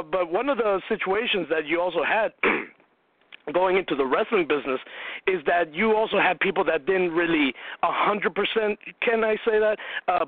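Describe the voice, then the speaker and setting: A fairly high-voiced male host asks his questions in a chatty, loose way, padding them with "uh" and "you know". His voice is dry and thin, as if it comes through a phone line. He keeps the exchange casual. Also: no echo. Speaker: radio show host. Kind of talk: casual interview.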